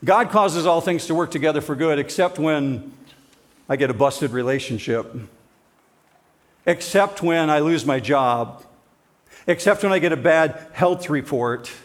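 A man preaching from the pulpit with a voice pitched a little above the usual male range. He presses his points hard, then drops low and slows down for weight. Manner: emphatic preaching, swings between forceful and hushed. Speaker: pastor. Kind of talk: sermon.

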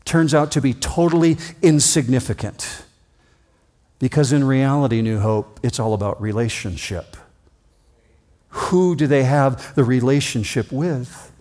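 Male pastor, sermon delivery, middle-pitched voice, expressive, reads scripture and acts out quoted lines.

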